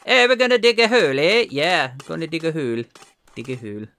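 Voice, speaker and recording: A cheerful digger from a mock game colony, talking in an overdone Canadian accent, as a game commentator puts him on. The voice is hammy and sing-song, swinging through a wide range of pitch. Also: male voice, big pitch swings, a little fast, vocal fry, sharp tone, full character voice. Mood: goofy. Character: jokey Canadian Mountie digger man, cheerful.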